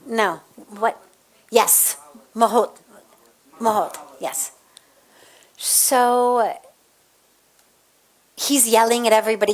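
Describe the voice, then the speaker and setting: Woman, spiritual teacher, satsang talk, slow deliberate delivery, fairly high voice. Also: fairly even intonation. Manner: storytelling, acts out quoted voices; measured, deliberate phrasing. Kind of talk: evening satsang talk answering questions.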